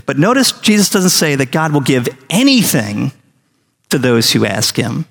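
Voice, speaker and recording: A man's voice: mid-range voice, big pitch swings, normal speed, creaky, a bit bright, in a large hall. A middle-aged man, a pastor, preaching a sermon with earnest questions to his congregation and small acted-out scenes.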